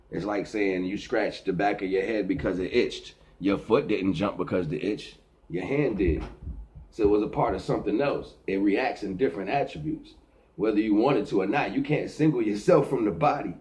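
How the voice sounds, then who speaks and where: A man's voice: lowish voice, a little mellow. A middle-aged man speaking in a rambling, preachy casual monologue, often repeating and restarting his words. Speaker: vlogger.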